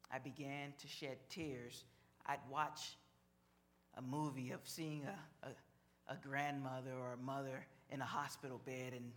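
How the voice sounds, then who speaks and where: Slow-paced preaching man. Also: mid-range voice, fairly bright tone. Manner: slow, measured preaching with repeated phrases. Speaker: pastor. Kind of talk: sermon.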